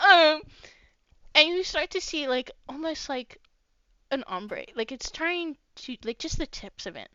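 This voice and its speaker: A high, bright woman's voice narrating a tabletop game at an unhurried pace, with plenty of ums along the way. The sound is dry, close and a little dull and lo-fi, like a home stream mic. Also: sing-song, no room sound. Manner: unhurried, many fillers. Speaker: game master.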